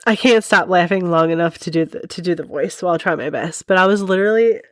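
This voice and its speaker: A woman's voice: on the low side, quick pace, dry recording, clean studio sound. A woman hosting a podcast, telling a story in a rambling, casual way and often breaking into laughter. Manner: giggly, rambling, laughs often mid-sentence. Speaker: podcast host.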